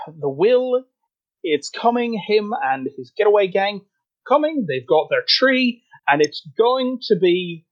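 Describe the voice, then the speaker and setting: A man's voice: high voice, sing-song, takes it slowly, highs cut off, voice pushed up, heavily acted. A man voicing a nervous rabbit-folk guard who frets and swears in a rising panic, in a tabletop game. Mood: worried. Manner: frantic, swearing, worrying.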